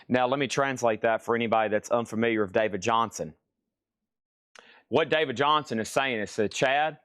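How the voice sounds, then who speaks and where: A man runs a live-stream record auction, moving quickly from item to item with wry jokes mixed in. His voice sits at an ordinary middle pitch, and the recording is dry and close with little room sound. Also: no room sound. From Tennessee. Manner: brisk item-by-item patter with wry asides. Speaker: live record sale host.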